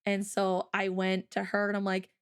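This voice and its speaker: A streamer hosting a livestream tells a story in a clear, resonant, medium-pitched voice that stays monotone at a moderate pace. Her chatty talk is full of "like" and "um," and she often speeds up while acting out what she said before.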